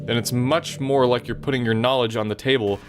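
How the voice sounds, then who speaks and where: A man reading aloud the lines of a sweet, possessive young female club president, gentle and self-conscious, later pleading. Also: mid-range voice, fairly even intonation, fairly quick, music in the background, close to an everyday voice. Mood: lecturing. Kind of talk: reading game dialogue aloud.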